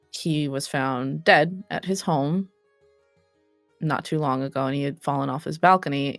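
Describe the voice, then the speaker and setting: A woman's voice: low voice, no echo. A woman running a tabletop role-play game, recapping the last session casually with many ums and self-corrections. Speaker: game master.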